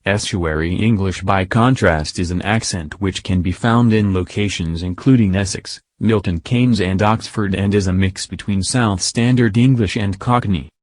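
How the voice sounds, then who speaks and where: A man reading scripted news narration in a steady read-aloud delivery. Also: deep voice, moderate pace, few pauses, dry recording.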